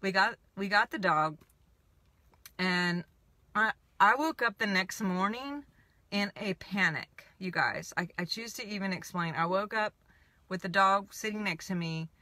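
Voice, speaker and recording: A spiritual coach with a mid-range voice and a measured pace rambles through a personal story, animated and casual, with plenty of "I'm like" remarks. No echo is audible.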